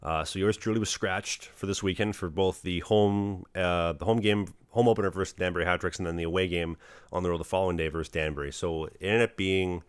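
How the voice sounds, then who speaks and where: Fast-talking young man, earnest podcast host. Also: deep voice, steady tone, clear, resonant tone, no echo. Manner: earnest, rambling, motivational, fast with fillers. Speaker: podcast host, hockey goalie. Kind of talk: casual podcast chat.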